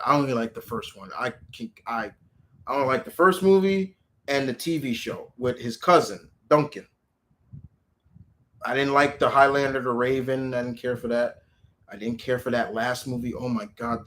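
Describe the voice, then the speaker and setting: A man chatting casually as a channel host, rambling with frequent restarts and animated quoted asides. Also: mid-range voice. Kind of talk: casual chat.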